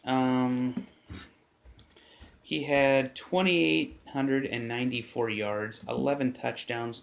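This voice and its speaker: A man hosting his own sports podcast from his basement, talking casually and bluntly, swearing and muttering to himself as he fiddles with his setup. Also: medium pitch. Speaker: podcast host. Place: home basement.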